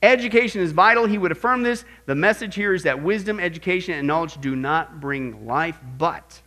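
A middle-aged man teaching a Bible class in an animated sermon style, swinging from quiet asides to loud exclamations. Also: high-pitched, a little fast.

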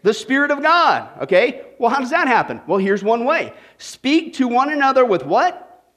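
A male pastor preaching with a high, bright voice that swoops up and down. He leans hard on rhetorical questions and keeps checking in with his listeners. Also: normal speed. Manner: animated, asks the audience rhetorical questions. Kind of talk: sermon.

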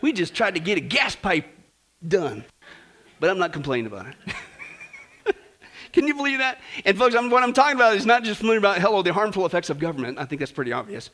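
Bright, high-voiced joking preacher man. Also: huge pitch swings, brisk, pauses often. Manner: conversational, asks listeners questions, jokes. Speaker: pastor. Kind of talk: humorous sermon.

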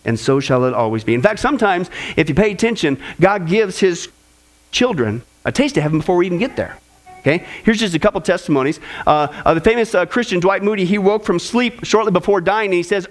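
High-voiced emphatic male preacher. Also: lively intonation, quick pace. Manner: emphatic, rising to a high pitch on quotes. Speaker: pastor. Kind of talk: sermon.

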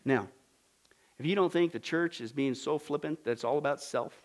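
High-pitched pastor preaching emphatically. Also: male voice, normal speed. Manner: swings from low and quiet to loud and forceful; emphatic and indignant, with repeated phrases. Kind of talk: sermon.

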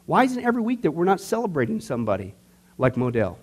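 A man leads a church discipleship class with a notably high-pitched voice. He talks conversationally and jokes with his listeners, and his delivery swings between loud, emphatic stretches and quiet, low asides. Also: wildly swooping pitch, quick pace, husky. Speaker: pastor teaching a discipleship class. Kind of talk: animated church teaching.

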